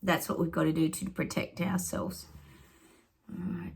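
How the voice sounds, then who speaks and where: A woman's voice: low-pitched, a little slow, vocal fry, husky. A middle-aged woman psychic giving rambling predictions to her viewers, thinking aloud and often dropping into whispered asides.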